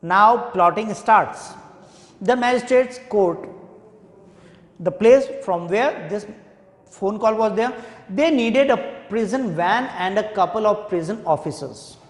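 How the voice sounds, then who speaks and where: A male teacher with an Indian English accent, reading a textbook chapter aloud and explaining it, slowly repeating key points to students. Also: sits high. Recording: echoey hall with long reverb.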